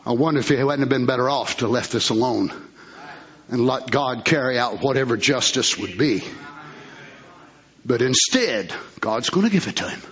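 A man preaching a fiery sermon at a church service. He shouts fervently, then drops into hushed asides. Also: medium pitch, lively intonation, normal speed. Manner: shouting, fervent, swings between loud cries and hushed asides. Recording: muffled lo-fi recording.

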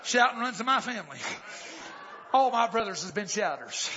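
A man preaching a sermon, swinging from calm, folksy talk to hollered exclamations. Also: sits high, moderate pace, background noise. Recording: dull lo-fi church recording with faint congregation.

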